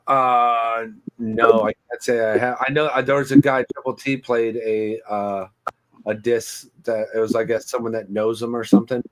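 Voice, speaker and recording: Blunt, excitable male guest. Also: mid-range voice, normal speed. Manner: enthusiastic and blunt, swears freely. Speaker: guest musician. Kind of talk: casual livestream chat.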